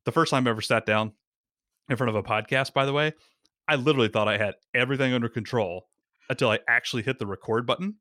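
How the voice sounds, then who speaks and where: A man explaining podcasting as a guest in a casual talk, lively and acting out little quotes. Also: medium pitch, fast talker, dry recording, studio quality.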